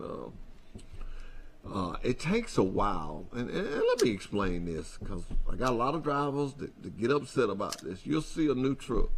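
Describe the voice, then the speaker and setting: A man's voice: mid-range voice, gravelly, a bit bright. A man hosting a company show, talking in a folksy, repetitive, emphatic way to his truck drivers. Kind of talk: casual address to drivers.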